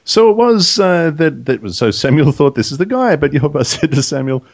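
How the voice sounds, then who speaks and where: Jokey guy reading bible verses, gravelly voice, bounces up n down. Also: on the high side, very animated, fairly quick, no room sound. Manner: jokey, reads verses aloud, laughs often. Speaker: co-host reading scripture. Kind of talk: casual Bible study chat.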